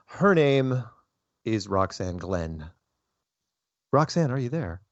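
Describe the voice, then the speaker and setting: A man hosts a show, talking in loose, animated streams and laughing often at his own asides. His voice has a medium pitch. The sound is close and dry, with slightly dull audio. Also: slow pace, no room sound. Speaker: show host. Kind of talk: casual interview chat.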